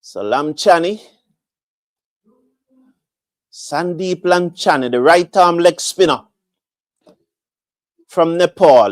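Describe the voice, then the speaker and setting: A man giving repetitive, animated live fan commentary on a cricket match. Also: on the high side, takes it slowly, long pauses, no echo, studio quality.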